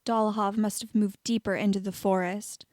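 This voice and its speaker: A woman's voice: medium pitch, little pitch movement, moderate pace, darkish tone, dry recording, studio quality, lightly acted. A woman reading as a curt female squad leader. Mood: stern. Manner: curt, commanding.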